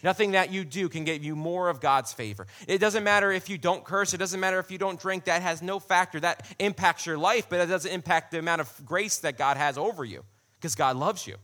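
A man delivers a sermon in an easy, conversational style and comes back to key phrases for emphasis. His voice is bright and ringing, and it sits a little high for a man. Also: brisk. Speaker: preacher.

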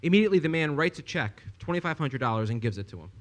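A young man preaching a sermon, telling a story with lively asides and rhetorical questions to the congregation. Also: a little high, rapid-fire.

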